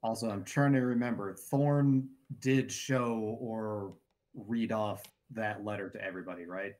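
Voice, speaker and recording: A man acting as game master of a tabletop game, giving measured, hedged rulings to the players. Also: lowish voice, steady tone, a little mellow.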